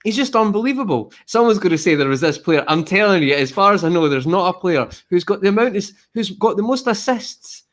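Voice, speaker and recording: A man hosting a casual football podcast, animated and emphatic, calling everyone mate. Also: high-pitched, fast talker, hardly any pauses. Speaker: podcast host.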